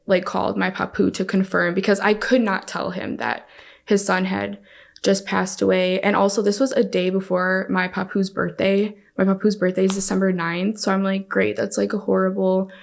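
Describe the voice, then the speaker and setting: A young woman telling a personal story as a podcast guest, halting and restarting often. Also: medium pitch, level tone, creaky.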